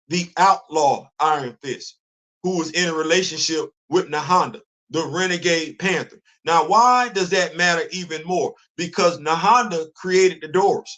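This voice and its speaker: Man, high voice, live stream host, animated, rhetorical questions, repeats himself.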